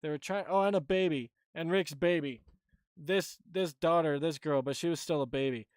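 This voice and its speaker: A man with a high, smooth and clear voice chats casually on a live stream, blunt and rambling. The sound is close and dry. He comes across offhand, throwing out quick verdicts. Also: dry recording. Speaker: streamer host.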